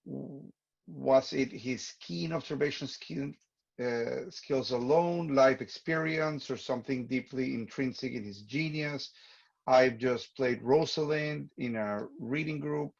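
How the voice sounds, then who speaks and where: A moderator reading audience questions aloud on a video call, hesitating now and then. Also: male voice, mid-range voice, unhurried, creaky, muffled recording.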